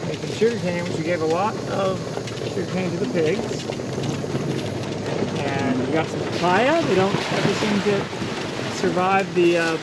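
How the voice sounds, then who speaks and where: A man giving a relaxed walking tour of his outdoor tropical farm, pointing out plants as he goes. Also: sits high, unhurried. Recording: outdoor noise with insects and crickets.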